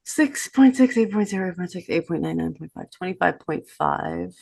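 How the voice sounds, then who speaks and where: A woman's voice: lowish voice, animated, normal speed, creaky, darkish tone, no room sound, clean studio sound. A woman in her thirties co-hosting a podcast in casual chat, reflective and reading from old notes with many fillers. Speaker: podcast co-host.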